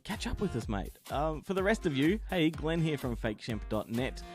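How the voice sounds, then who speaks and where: Gravelly Australian man, worn out, blunt review host, faint music under. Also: a little high, big pitch swings, moderate pace. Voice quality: raspy, gravelly. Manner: blunt, irreverent, joking. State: tired. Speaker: film segment presenter. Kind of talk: recorded movie review segment.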